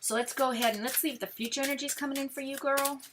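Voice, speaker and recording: A high-voiced woman from New York with a Brooklyn accent gives a rapid-fire tarot reading on a live stream, with heavy background noise. She talks straight to the viewer, chatty and animated, packing in plenty of fillers.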